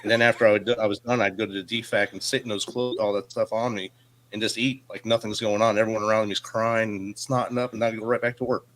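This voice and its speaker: A middle-aged man, a retired Army veteran guest, telling stories in a brisk, matter-of-fact casual chat. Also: on the low side, flat delivery, fairly bright tone, rough recording.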